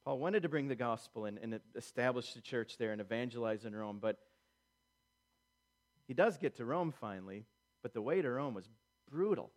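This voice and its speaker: A man's voice: medium pitch, expressive, normal speed. A man preaching a sermon, acting out quotes in character and building emphasis through repetition. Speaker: pastor.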